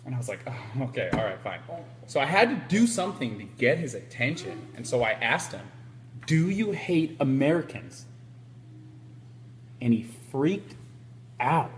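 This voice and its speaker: With a medium pitch, moderate pace, and frequent pauses, a man interviews a guest on a casual live stream recorded on a handheld camera, with a little hiss or hum. He's an animated storyteller who acts out what people said.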